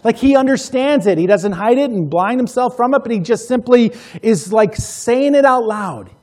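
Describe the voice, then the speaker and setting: High-voiced emphatic male preacher. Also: expressive, normal speed. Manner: emphatic, repeats phrases, swings between loud and hushed. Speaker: pastor. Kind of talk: sermon.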